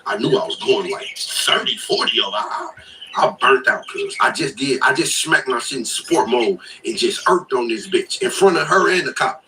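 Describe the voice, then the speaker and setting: A man's voice: mid-range voice, lively intonation, moderate pace, sharp tone. Man in his thirties, rambling from afar. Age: 30s. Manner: profane, rambling, slangy storytelling. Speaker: livestreamer and truck driver. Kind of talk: casual storytelling livestream. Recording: distant mic with clear background noise.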